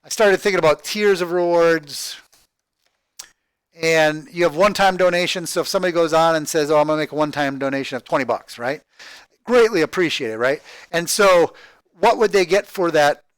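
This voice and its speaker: A man walking through his project spreadsheet on screen, thinking aloud in a halting, rambling way, repeating words and tagging sentences with "right?". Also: a little high, smooth, dry recording. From Texas, USA. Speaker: crowdfunding project vlogger. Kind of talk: rambling screen-share walkthrough.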